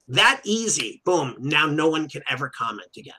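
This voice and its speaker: A man co-hosting a casual podcast, an animated storyteller who acts out quotes and fills his talk with "you know". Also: on the high side, normal speed. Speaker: podcast co-host and martial arts school owner.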